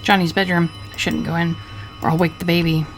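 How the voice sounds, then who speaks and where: A woman voicing a crude, drunken, scheming husband from the 1940s, talking gruffly and cursing. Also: lowish voice, little pitch movement, a little fast, soft background music, lightly acted. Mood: grumbling. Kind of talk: reading game dialogue aloud.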